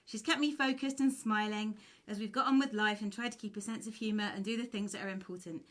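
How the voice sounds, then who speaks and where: A woman's voice: medium pitch, fairly even intonation, fast talker. A woman musician from Cornwall hosting a live stream, chatting casually, laughing often and reading out viewer messages. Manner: giggly, often breaks into laughter; reads out viewer messages warmly.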